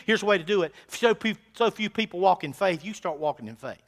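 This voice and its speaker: A male pastor preaching a sermon in a church, with folksy phrasing, swinging from hushed asides to loud, fervent calls. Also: high-pitched, lively intonation, brisk, gravelly. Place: church sanctuary.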